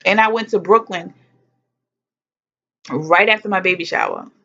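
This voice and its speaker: A young woman telling a personal story to camera in a casual, animated way, blunt and swearing freely, acting out what people said. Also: on the low side, moderate pace, creaky. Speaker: vlogger. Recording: dull lo-fi sound.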